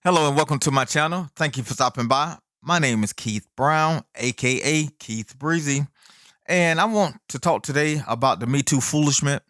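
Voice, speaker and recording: A man's voice: fairly high pitch, moderate pace, fairly bright tone, no room sound, clean studio sound. A man hosting his own commentary channel, delivering an emphatic, indignant opinion monologue full of rhetorical questions and folksy asides to viewers.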